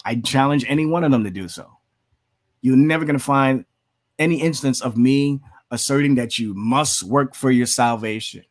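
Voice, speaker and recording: A man at a middle pitch comments heatedly on a video he is reacting to. He argues in long, repetitive stretches and slips into mocking quotes of his critics. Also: moderate pace. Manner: argumentative, heated, repetitive asides; mocks opponents in put-on quotes. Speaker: channel host.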